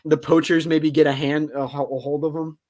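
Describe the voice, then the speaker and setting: Young male podcast guest, slightly high voice, excitable rambling storyteller. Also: fairly quick. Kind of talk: casual podcast chat.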